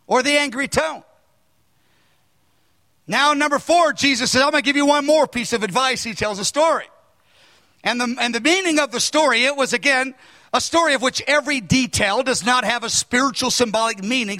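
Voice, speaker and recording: A man in his sixties preaching a sermon, earnest and emphatic, now and then raising his voice to a shout. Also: very high voice, big-room sound.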